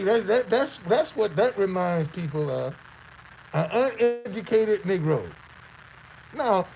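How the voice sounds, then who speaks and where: A man's voice: high voice, a little mellow, slight background noise, poor audio. A man from the Southern United States with a Southern accent, hosting casual commentary on a clip; he talks emphatically, repeats phrases and throws out rhetorical questions. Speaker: host.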